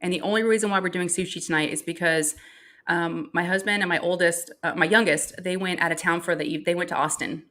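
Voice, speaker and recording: A woman's voice: on the low side, fairly even intonation, fast, fairly bright tone. A middle-aged woman, hosting a casual livestream chat, chatty and laughing often as she greets viewers. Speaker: livestream host.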